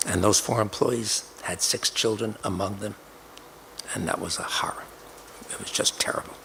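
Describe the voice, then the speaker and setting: A man's voice: lowish voice, steady tone, normal speed, gravelly, bright, forceful tone, a little hiss or hum. An older man telling a personal story emphatically, acting out the dialogue he quotes.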